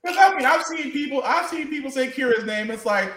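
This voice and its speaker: A man co-hosting a podcast, chatting casually and telling his points with emphatic, animated delivery. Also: very high-pitched, brisk, few pauses, reverberant. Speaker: podcast co-host. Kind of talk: casual chat.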